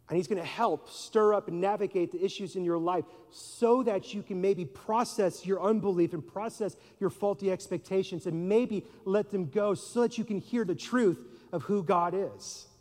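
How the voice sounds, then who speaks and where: A male pastor delivers a sermon in a loose, conversational manner, asking rhetorical questions and slipping into little acted-out voices. His voice sits high for a man. The sound carries the long reverb of a large hall. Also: a little mellow.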